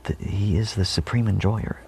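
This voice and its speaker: A man with a very deep voice and a heavy vocal fry rambles through a spiritual monologue. He meanders, restarts and often drops into a whisper. A faint hiss sits under his voice. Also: moderate pace, a little mellow. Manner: meandering, many fillers, often trails off into whispers. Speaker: spiritual vlogger.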